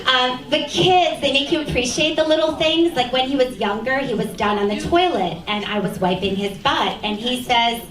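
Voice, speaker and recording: A middle-aged woman doing a stand-up comedy set in a comedy club, with a dry, deadpan delivery that acts out dialogue. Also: sits high, moderate pace, few pauses, crowd noise. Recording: echoey club, captured from a distance. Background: audience laughter.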